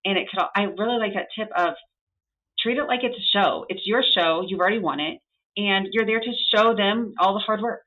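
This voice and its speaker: A woman's voice: medium pitch, brisk, phone-quality sound. A woman hosting an interview, affirming her guest and reflecting in an encouraging way. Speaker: podcast host. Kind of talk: casual interview chat.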